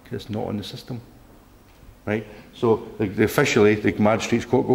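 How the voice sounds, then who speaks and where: Indignant low-voiced man giving a talk. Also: fairly even intonation, a little fast, vocal fry, darkish tone, slight background noise. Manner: indignant, rambling, repeats himself, reads letters aloud. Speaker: presenter. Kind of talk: public talk to a local group.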